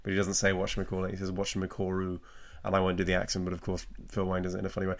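A man's voice: low-pitched, completely flat delivery, rapid-fire, gravelly. An English man, a comedian, in casual chat, frank and opinionated, thinking aloud as he talks. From England.

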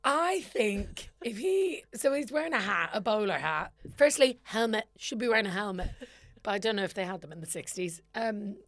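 A woman's voice: medium pitch, normal speed, dry recording, clean studio sound. A young Irish woman co-hosting a podcast, telling a story in casual chat and acting out what everyone said. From Ireland. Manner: animated storyteller, acts out quoted dialogue. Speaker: podcast co-host.

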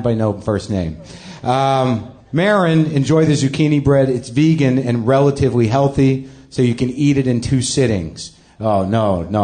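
Medium in pitch and a little mellow, the voice belongs to a middle-aged comedian emceeing a show at a comedy club. His live monologue wanders, runs self-deprecating, and is full of profanity.

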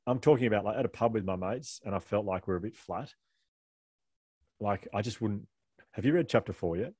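A man with an Australian accent, a guest telling lively, laughing stories in a casual interview. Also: fairly low pitch, breathy edge, no room sound. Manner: animated, laughing storyteller with fast rambling delivery. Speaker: author and guest.

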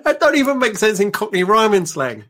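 A man's voice: high-pitched, sing-song, fairly quick, a bit bright. A man co-hosting a podcast, joking and teasing in casual chat. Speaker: podcast co-host.

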